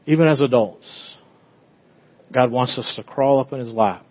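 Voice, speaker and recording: A middle-aged man preaches in an easy, conversational way, like he's telling stories to friends. His voice sits at a middle pitch, jumping to loud, bright bursts and falling back to soft, tender lines. The recording sounds a little dull. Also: measured pace, breathy edge. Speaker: pastor. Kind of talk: sermon.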